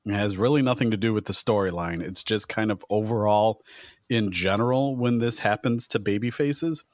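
A man's voice: on the low side, moderate pace, no echo, clean studio sound. A man co-hosting a podcast in casual chat, airing a wry little complaint. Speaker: podcast co-host.

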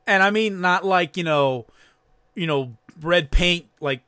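A man's voice: sits high, unhurried, clean tone, no room sound, clean studio sound. A man hosting a podcast in casual chat, swearing freely as he recounts a horror movie. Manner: animated, laughing, swears freely. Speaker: podcast host.

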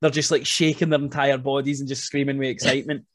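A man hosting a podcast, chatting casually and excitedly about a film, rambling, swearing now and then, and filling his talk with "like". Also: medium pitch, fast talker, dry recording, studio quality. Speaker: podcast host.

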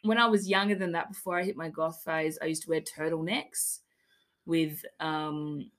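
A woman's voice: deep voice, level tone, moderate pace, fairly bright tone. A young Australian woman co-hosting a casual podcast, cheeky and swearing freely, with a slight lisp from fresh dental fillings. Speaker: podcast co-host.

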